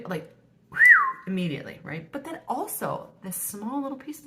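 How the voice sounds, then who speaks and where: A woman's voice: mid-range voice, sing-song, normal speed. A woman in her thirties telling a personal story in a casual vlog, chatty and full of fillers, often dropping to a whisper when quoting her own thoughts. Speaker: vlogger.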